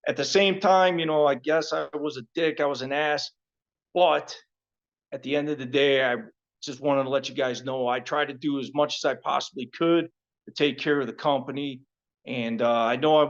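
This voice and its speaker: A man's voice: medium pitch, fairly bright tone, highs cut off. Profane, joking ex-Marine man. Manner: profane, joking, heartfelt at the end. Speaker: former Marine gunnery sergeant. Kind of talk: casual storytelling to fellow Marines.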